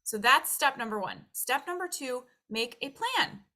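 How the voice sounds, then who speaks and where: A young adult woman, a nutrition and weight loss coach, giving casual coaching advice in an animated way and acting out her own inner thoughts. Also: sits high, unhurried.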